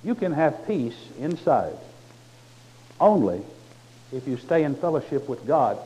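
A man's voice: fairly high pitch, sing-song, a little slow, dark tone. A man preaching a sermon in a folksy, conversational way with touches of humor. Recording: muffled lo-fi recording.

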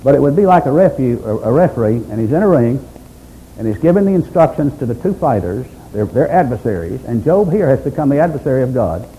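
A man's voice: medium pitch, very animated, quick pace, warm tone, a little hiss or hum, low-quality recording. A man preaching a sermon, emphatic, stacking up repeated phrases.

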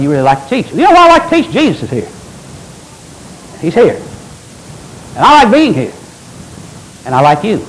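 An older man preaching a sermon as pastor, with animated delivery and folksy asides. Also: fairly high pitch, a little hiss or hum, poor audio.

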